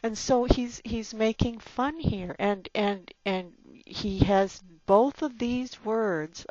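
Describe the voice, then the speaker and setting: A woman's voice: medium pitch, a little mellow, dry recording. A woman teacher explaining poetry in a recorded lecture, with many fillers and restarts, tapping out the rhythm aloud. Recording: dull lo-fi recording.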